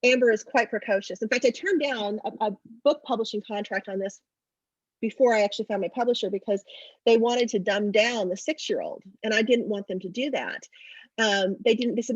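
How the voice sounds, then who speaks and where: A middle-aged woman author in a casual interview over a video call, telling stories in a chatty, animated way. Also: fairly high pitch, a little fast, breathy edge, no echo, muffled recording.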